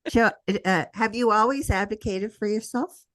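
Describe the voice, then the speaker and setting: A woman's voice: medium pitch, moderate pace, a bit bright. A woman who hosts a podcast, putting short questions and reactions to her guest. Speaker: podcast host. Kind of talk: interview questions.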